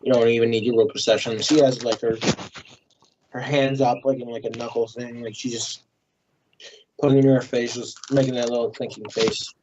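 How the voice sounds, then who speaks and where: A man's voice: mid-range voice, little pitch movement, normal speed. A young man narrating as game master, casual and swearing freely, on a dull recording with faint noise.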